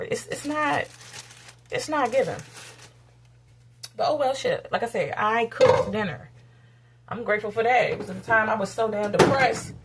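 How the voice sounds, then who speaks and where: A woman from the United States, giving a candid, blunt and profane rant to her camera while cooking. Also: slight background noise. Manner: blunt, profane and heated, with sudden rises in pitch. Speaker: vlogger.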